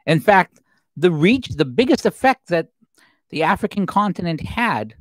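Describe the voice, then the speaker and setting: A man's voice: high voice, very animated, unhurried, no room sound, poor audio. A man in his fifties hosting a solo livestream, talking through political commentary in a rambling, conversational way with restarts and asides. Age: 50s. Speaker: livestream host.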